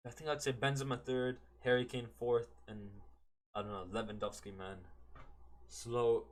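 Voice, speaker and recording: A man talks football on his solo podcast in a loose, rambling way. His voice sits at an average male pitch. He keeps second-guessing himself and drops "man" into nearly every thought. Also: little pitch movement, normal speed. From Canada. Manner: rambling, self-correcting, keeps saying "man". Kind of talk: casual solo podcast chat.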